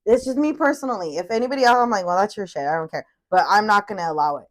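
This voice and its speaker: A woman's voice: mid-range voice, very fast. A woman in her thirties co-hosting a podcast, telling family stories animatedly, swearing freely and acting out what people said. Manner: animated storyteller, swears freely, acts out quotes. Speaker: podcast co-host. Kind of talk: casual chat.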